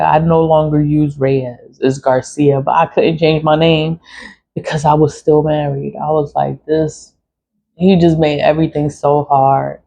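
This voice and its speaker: A woman's voice: sits low, flat delivery, a little slow, creaky, mellow. A middle-aged woman, telling a personal story in a blunt, swearing, venting way with laughs. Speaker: vlogger. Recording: dull lo-fi audio.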